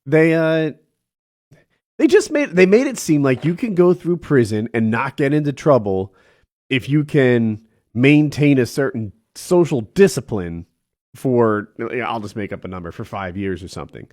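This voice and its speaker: A man's voice: mid-range voice, animated, unhurried, darkish tone. A man co-hosting a podcast, telling stories in a rambling, casual way and laughing often. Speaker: podcast co-host. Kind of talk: casual chat.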